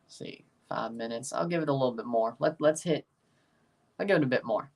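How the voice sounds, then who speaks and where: A man hosting a casual livestream, rambling, chatting with viewers and turning loud and emphatic when he passes judgment. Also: mid-range voice, brisk, creaky, recorded from a distance. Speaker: livestream host ranking soccer kits.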